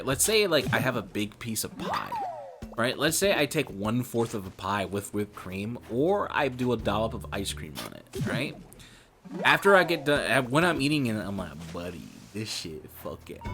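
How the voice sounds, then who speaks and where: A man streaming and chatting casually, rambling and cursing and calling the listener brother. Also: mid-range voice.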